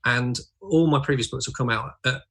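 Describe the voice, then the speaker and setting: A male comedian and author in a casual panel chat, earnest and animated when recalling things. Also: medium pitch, moderate pace, husky.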